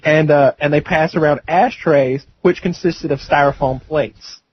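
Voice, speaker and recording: A man's voice: on the high side, steady tone, unhurried, slight background noise. A young man on a podcast, telling a story casually with lots of fillers and restarts. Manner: rambling, filler-heavy storytelling. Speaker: podcast co-host. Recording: muffled lo-fi podcast audio.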